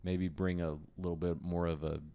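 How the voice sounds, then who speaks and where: A man's voice: deep voice, moderate pace, smooth, lo-fi sound. A middle-aged man, a father co-hosting a podcast with his son, chatting casually about old films and joking about himself. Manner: jokey, self-deprecating, relaxed. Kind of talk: casual chat.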